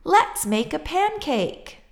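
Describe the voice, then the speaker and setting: A woman reading a storybook aloud and voicing an eager young boy who shouts his lines in a high, excited voice. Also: slow pace, exaggerated voice. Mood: excited shouting.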